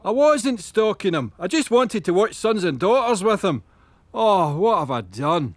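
Awkward Scottish guy, flustered and earnest, high and lively. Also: unhurried, a little hiss or hum. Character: awkward, eager man who woos his delivery driver.

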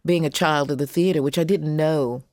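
An older woman from Chicago with an American Southern accent, chatting as a guest with a warm, smooth voice. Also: low voice, steady tone, brisk, no room sound, studio quality. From Chicago, United States. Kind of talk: interview, casual chat.

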